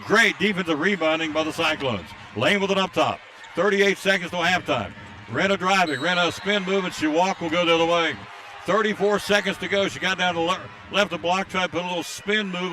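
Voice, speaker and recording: A man calls a high school basketball game from courtside with a bright, forceful voice that sits a touch high. He rattles off scores and player names and speeds up with excitement on the fast breaks. A faint hum of game noise sits behind him. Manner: rapid excited calls during fast plays, reads out listener greetings. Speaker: play-by-play announcer. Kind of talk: live basketball play-by-play commentary.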